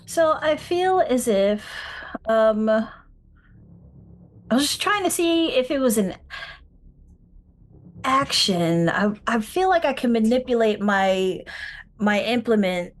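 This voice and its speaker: A woman's voice: fairly high pitch, big pitch swings, takes it slowly, pauses often. A woman playing in an online tabletop game, talking casually while she searches for a rule and trails off into restarts. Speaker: player.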